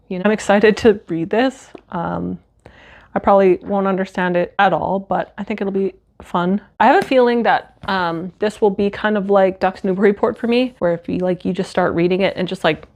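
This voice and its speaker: A woman's voice: medium pitch, moderate pace, darkish tone. A young woman chatting casually about books she bought and reading back-cover blurbs aloud, often using fillers like "like" and "uh". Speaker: booktuber. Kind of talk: casual book haul chat with read-aloud blurbs. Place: home.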